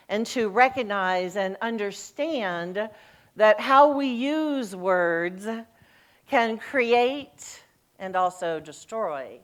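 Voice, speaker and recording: A middle-aged woman minister giving a sermon, telling stories with a voice that climbs and drops and acting out the quoted lines. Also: mid-range voice. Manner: lively storytelling, voice rising and falling, acts out quoted lines. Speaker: senior minister.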